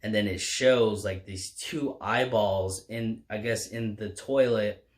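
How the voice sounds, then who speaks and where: A man's voice: lowish voice, steady tone, slow. A man casually recapping a horror comic as a reviewer, rambling along with lots of fillers and restarts. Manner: rambling, filler-heavy retelling.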